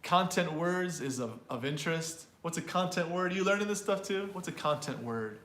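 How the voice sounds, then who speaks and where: A man's voice: a little high, animated, normal speed, a bit bright, reverberant. A man teaching an online English pronunciation class. He explains in a talkative way and often repeats or restarts words.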